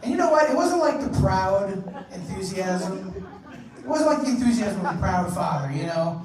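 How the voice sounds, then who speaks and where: A man's voice: sits high, big pitch swings, moderate pace, far from the mic, crowd noise. Man doing stand-up in a roomy club. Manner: crude, conversational storytelling with acted-out quotes. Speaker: stand-up comedian. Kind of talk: stand-up comedy set. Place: comedy club stage. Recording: roomy live club recording, noisy. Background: audience laughter.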